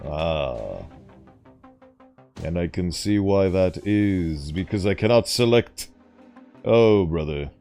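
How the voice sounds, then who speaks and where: A man's voice: sits low, expressive, takes it slowly, vocal fry, pauses often, warm tone, faint music behind. A man giving casual gameplay commentary with theatrical, mock-grand asides. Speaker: gaming YouTuber.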